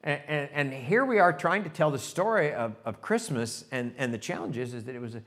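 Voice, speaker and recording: Preaching at a quick pace with few pauses, this pastor has a somewhat high voice. His storytelling is lively, turning to hushed reflection as he speaks straight to the congregation.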